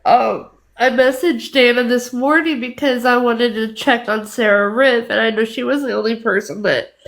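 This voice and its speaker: A woman's voice: fairly high pitch, steady tone, gravelly. A crying woman on a livestream, speaking shakily and apologetically. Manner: shaky, apologetic, halting. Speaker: livestream guest.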